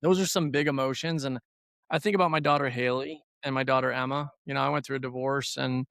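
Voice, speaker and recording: A man's voice: mid-range voice, fairly even intonation, quick pace, vocal fry, a bit bright, dry recording, studio quality. A middle-aged man hosting a faith-based conversation, telling stories in an earnest, reflective way. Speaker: podcast host.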